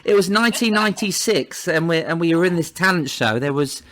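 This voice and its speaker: A man's voice: a little high, expressive, brisk, pushed and bright, a little hiss or hum. A middle-aged man hosting a podcast interview, friendly and chatty, laughing along with his guest. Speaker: podcast host.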